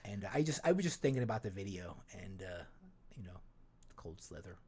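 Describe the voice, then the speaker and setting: A man's voice: sits low, animated, a little fast, warm tone, breathy edge. A man hosting a podcast in a casual, rambling chat, with many restarts and fillers. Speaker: podcast host.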